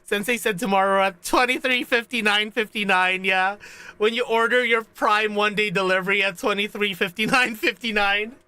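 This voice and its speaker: Female game streamer, bright, sharp tone; casual and excitable, reads on-screen dialogue aloud, swears easily. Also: medium pitch, normal speed, smooth, dry recording. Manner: animated, gushing, swears casually. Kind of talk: casual gaming livestream, reading game text aloud.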